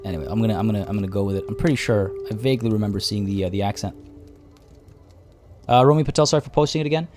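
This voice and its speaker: A man's voice: fairly low pitch, very fast, a little mellow, soft background music. A man streaming a strategy game, talking casually to his chat as he plays. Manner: chatty, thinking aloud and answering chat. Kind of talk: casual live-stream commentary.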